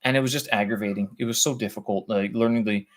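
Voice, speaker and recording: A man's voice: fairly low pitch, steady tone, fast talker. A middle-aged English-speaking man hosting a casual live language-practice stream, thinking aloud with many fillers and restarts as he tries Russian words. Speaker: vlog host practicing Russian.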